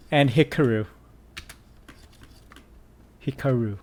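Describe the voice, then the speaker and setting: Chatty gaming YouTuber, casual commentary. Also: male voice, medium pitch, moderate pace. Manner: casual, chatty, reads game text aloud. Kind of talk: casual let's play commentary.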